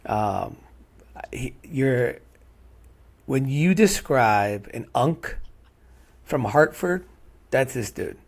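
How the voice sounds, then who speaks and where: A middle-aged man hosts a heartfelt podcast chat. He rambles through long stories and tags nearly every thought with "right?". His voice sits at an ordinary pitch. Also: animated, very slow, vocal fry, pauses often. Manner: rambling, repeats "right?" often. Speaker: podcast host. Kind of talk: casual heartfelt conversation.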